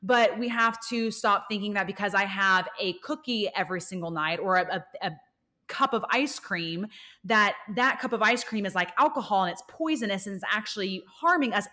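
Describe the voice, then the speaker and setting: A woman's voice: mid-range voice, moderate pace, pushed and bright. A young woman co-hosting a fitness podcast in casual chat, explaining points to her co-host in an upbeat way.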